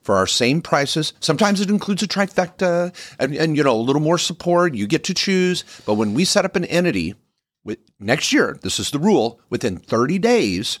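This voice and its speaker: A man co-hosting a business podcast, pitching services in an emphatic, animated way with many restarts. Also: normal speed, no room sound. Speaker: podcast co-host, business lawyer. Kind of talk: casual podcast chat.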